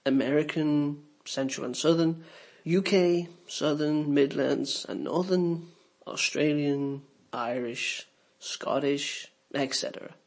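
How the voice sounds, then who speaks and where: A man narrating a scripted English lesson, explaining clearly and giving spoken examples. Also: fairly high pitch, takes it slowly. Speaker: English teacher.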